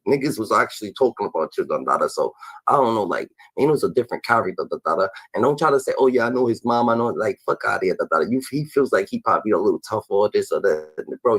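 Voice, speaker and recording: A man's voice: lowish voice, sing-song, fast talker, a bit bright, breathy edge, dry recording, poor audio. A man reacting to an interview clip in a profane, mocking rant, padding his lines with a chanted filler. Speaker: reaction commentator.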